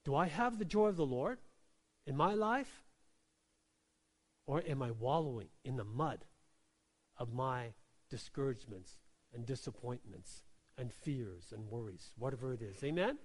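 A male pastor preaching a sermon, drawing the congregation in with repeated "Amen?" and "right?" and swinging between soft low asides and emphatic exclamations. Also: lively intonation, measured pace, pauses often, big-room sound.

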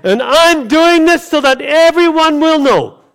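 Man playing a young hero yelling back at a giant, high and fired up. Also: expressive, measured pace, heavily acted. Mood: defiant. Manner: defiant, loud and rising. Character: bold young male shepherd defying a giant.

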